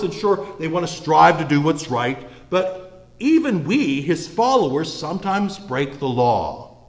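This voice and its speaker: Lively male pastor in an echoey church. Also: a little high. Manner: animated, conversational, playful asides. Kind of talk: sermon. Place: church sanctuary.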